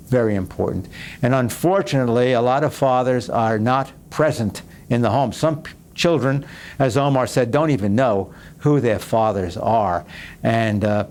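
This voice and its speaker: A man's voice: mid-range voice, a little mellow, slight background noise. A man hosting a talk show, speaking to viewers in an earnest, exhorting way and repeating phrases for emphasis. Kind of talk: preaching talk show host.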